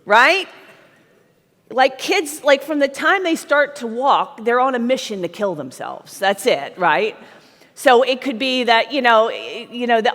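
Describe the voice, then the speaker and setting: A woman's voice: on the high side, animated, measured pace, a bit bright. A middle-aged woman giving a blunt, emphatic sales seminar to a live audience, often checking in with "right?". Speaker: sales trainer speaking at a conference. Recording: long reverb of a large hall.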